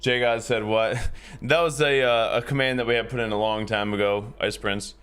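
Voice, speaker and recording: A man's voice: medium pitch, fairly even intonation, moderate pace, fairly bright tone, soft background music. A game streamer, a man, chatting casually with his live viewers in a rambling, easygoing way and chuckling often.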